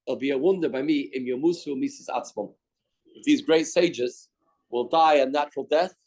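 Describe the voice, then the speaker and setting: This man's voice sits on the high side and carries a darkish quality. He's a Talmud teacher from Canada running a daily study-hall class, reading passages aloud, explaining them in English, and performing the dialogue as he goes.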